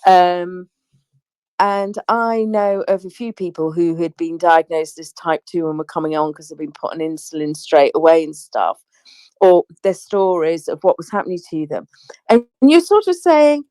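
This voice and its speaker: A woman co-hosting a casual online group chat, talking in a chatty, animated way with lots of asides. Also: lowish voice, moderate pace, no room sound. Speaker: co-host. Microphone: remote audio chat.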